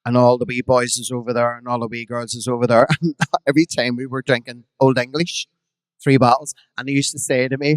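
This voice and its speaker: A man in his fifties with a broad Belfast accent spins bawdy, lively anecdotes, acting out the people in them as he goes. His voice sits mid-height and sounds close and dry. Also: medium pitch, brisk, smooth, no room sound. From Northern Ireland. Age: 50s. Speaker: drag performer guest. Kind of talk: live podcast storytelling. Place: live podcast stage, dry close mic.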